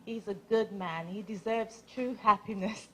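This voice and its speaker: A woman's voice: medium pitch, steady tone, a little slow, a little hiss or hum, poor audio. A woman giving a wedding speech as the groom's sister, playful and teasing herself, then heartfelt. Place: wedding reception.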